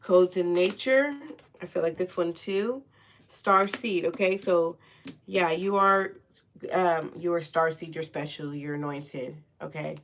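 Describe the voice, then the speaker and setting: A woman's voice: on the low side, fairly bright tone. Laid-back profane woman tarot reader. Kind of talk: casual spiritual tarot reading.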